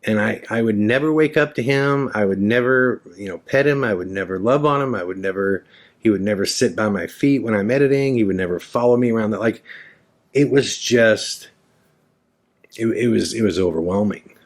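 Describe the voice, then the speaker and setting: A man's voice: on the low side, moderate pace. A man in his forties hosting a podcast, telling a candid personal story in a frank, rambling way and swearing freely. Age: 40s. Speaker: podcast host.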